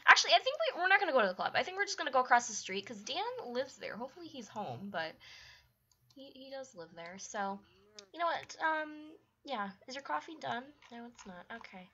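A woman's voice: high voice, big pitch swings, fairly quick, sharp tone, dull audio. A young woman narrating her life-sim game and scolding the characters in casual commentary, often exasperated. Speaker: gaming YouTuber. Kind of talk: let's play commentary.

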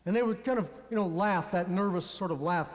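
A man's voice: high voice, fairly quick. A man preaching a sermon as a pastor, telling a story and speaking directly to his congregation. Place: church sanctuary. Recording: long church reverb.

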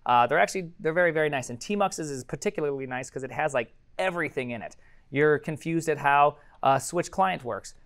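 A man teaching a programming course, live-coding while thinking aloud, energetic and prone to sudden excited exclamations. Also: fairly high pitch, fairly quick.

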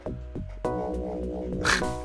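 A man's voice: drawn-out words, sharp tone, faint music behind. A man hosting a let's play, giving casual, rambling commentary full of fillers and frequent chuckles.

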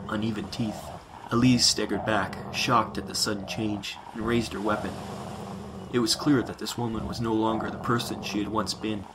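A man narrating science fiction in a measured, dramatic reading. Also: on the low side, background noise.

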